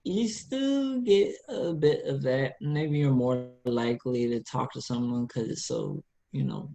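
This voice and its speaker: A podcast co-host from central Pennsylvania, telling stories in relaxed, rambling casual chat. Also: male voice, mid-range voice, creaky.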